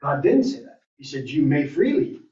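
With a low, warm voice, brisk and sing-song, a woman teaches adults at Sunday school, putting questions to the group and musing aloud. The church classroom recording is roomy, distant and dull.

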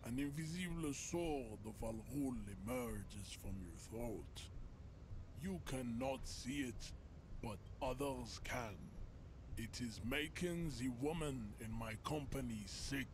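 A man's voice: medium pitch, animated, takes it slowly, noisy background. An actor playing a huge, arrogant male bouncer who lectures with contempt, speaking with a German accent. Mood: pompous contempt. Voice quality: pompous, lecturing.

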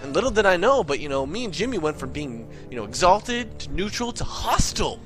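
A man telling a comic story in an excitable, profane, ranting way. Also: a little high, fairly quick, faint music behind. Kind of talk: comedic monologue.

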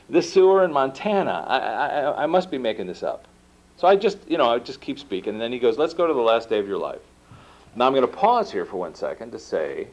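A man gives a talk to an audience and tells his story in a lively, swooping voice. He acts out the dialogue and laughs at himself. The recording is dull and lo-fi. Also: on the low side. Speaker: speaker giving a talk. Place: lecture room.

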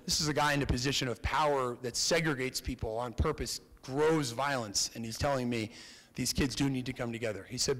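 Man telling a story in a hall. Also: fairly quick. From Connecticut, USA. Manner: animated storyteller, voices quotes with lifted pitch. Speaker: keynote speaker. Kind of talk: storytelling talk. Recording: reverberant hall.

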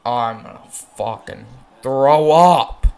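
A man giving live commentary on his own baseball video game, cheering, cursing and yelling at the plays. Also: medium pitch, slow pace, creaky.

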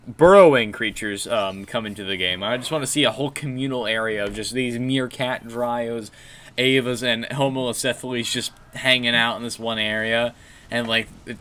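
A man's voice: medium pitch, fairly bright tone, slight background noise. A man casually chatting while streaming a game, rambling and answering chat. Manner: rambling, restarts, reads chat.

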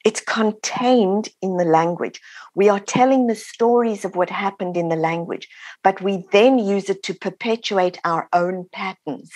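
A woman's voice: on the high side, normal speed, husky, dry recording. A woman author being interviewed, explaining her ideas and acting out the voices of people she quotes. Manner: animated, acts out quoted voices. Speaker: author and guest. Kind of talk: interview answers, teaching.

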